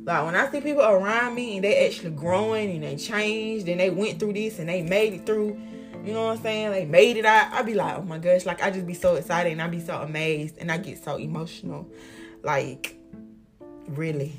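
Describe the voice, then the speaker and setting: A woman's voice: lowish voice, fairly quick, soft background music. A young woman giving life advice in a casual motivational monologue, heartfelt and emphatic, repeating lines for effect, with slangy, profane talk.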